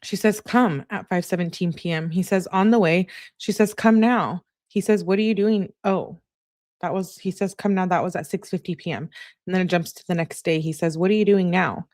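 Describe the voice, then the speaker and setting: A woman hosts a true-crime channel, reading text messages aloud and tossing in chatty asides between lines. Her voice is on the low side and a little mellow, moving at a moderate pace, recorded cleanly in a studio with no room sound.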